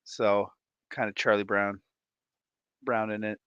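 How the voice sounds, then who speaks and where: A man hosting a casual livestream chat, playful and animated, tired and a bit congested, talking on a close desk mic. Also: lowish voice, slow, clean tone, no echo, lo-fi sound. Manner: animated, playful, breaks into laughs and silly voices. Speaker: livestream host.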